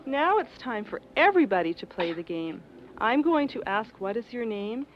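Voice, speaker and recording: A woman hosting a children's program, coaxing kids through a sing-song name game in a slow, encouraging way. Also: a little high, very animated, slight background noise. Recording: dull old 16mm film soundtrack with loud music.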